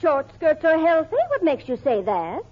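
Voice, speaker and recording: A woman's voice: high-pitched, sing-song, moderate pace. A woman playing a fussy, prim older aunt in a 1940s radio comedy. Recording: muffled old radio broadcast, audience noise.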